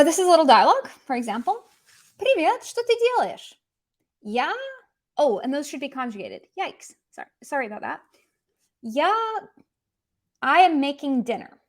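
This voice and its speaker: A woman with a somewhat high voice teaches an online language lesson. She switches between English and Russian phrases as she works through examples. Her delivery is lively and upbeat.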